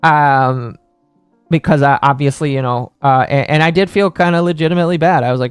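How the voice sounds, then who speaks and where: A man's voice: on the high side, fairly even intonation, a little fast, clear, resonant tone, dry recording, faint music behind. A man hosting a live stream in a casual rant, heated and swearing, with frequent stammers and restarts. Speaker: stream host.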